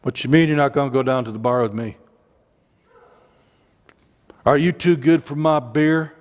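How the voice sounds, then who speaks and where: A man voicing a gruff, beer-loving country father who taunts his son, speaking fast and belligerently. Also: mid-range voice, in a large hall, voice pushed down, natural voice. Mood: taunting.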